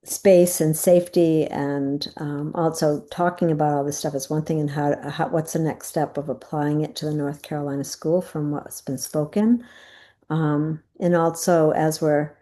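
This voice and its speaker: A woman's voice: deep voice, steady tone, normal speed, dark tone. A woman facilitating a group video call, talking in a meandering way and searching for words.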